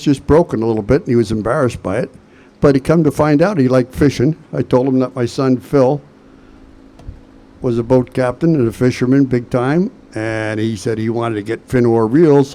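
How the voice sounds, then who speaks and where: An older man giving a hall of fame induction speech, telling an animated story and acting out the voices in it. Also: mid-range voice, moderate pace. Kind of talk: anecdotal speech.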